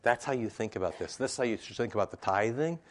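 Chatty, animated male preacher. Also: lowish voice, fast. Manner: conversational and animated, full of asides and tag questions. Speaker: pastor. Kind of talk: sermon. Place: church sanctuary.

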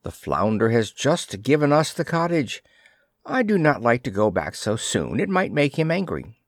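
A man's voice: mid-range voice, big pitch swings, normal speed, no echo, clean studio sound. A man reading aloud, voicing a timid poor fisherman who pleads and hesitates. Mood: reluctant.

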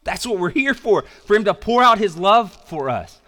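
Animated preaching man, mid-pitched. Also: normal speed. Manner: animated preaching, swinging from loud emphasis to quiet intensity; casual asides with slang. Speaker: pastor. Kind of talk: sermon.

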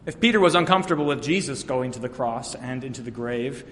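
A male pastor preaching a sermon, retelling scripture stories and voicing the quotes with sweeping swings between soft and loud. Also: medium pitch, fast talker, a little hiss or hum. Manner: storytelling preacher who voices biblical quotes with sweeping shifts in loudness. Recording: long church reverb.

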